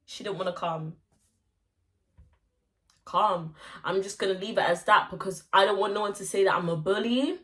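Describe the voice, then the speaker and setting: A young woman telling a story to camera in a casual, animated way, full of slang and swearing. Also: mid-range voice, normal speed, long pauses, a little hiss or hum. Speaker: vlogger. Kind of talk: casual story time monologue.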